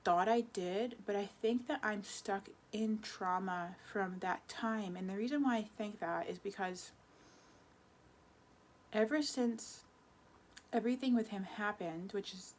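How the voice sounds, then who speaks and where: A woman's voice: medium pitch, measured pace, a little hiss or hum. A woman in her twenties speaks in a personal confessional vlog. She rambles and restarts her sentences often. Her delivery is emotional throughout. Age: 20s. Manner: rambling, self-correcting, emotional. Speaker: vlogger.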